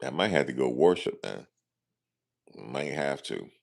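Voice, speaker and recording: A man with a very deep voice and a gravelly rasp talks to his camera in a loose, slangy way. He keeps dropping "you know what I'm saying" between his lines and tells the story casually, like he's venting to a friend. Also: sing-song, a little slow. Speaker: vlogger.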